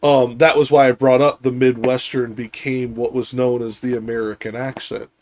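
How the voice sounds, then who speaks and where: A man's voice: medium pitch, little pitch movement, normal speed, darkish tone. A man hosting a casual discussion, talking bluntly with swearing and restarts.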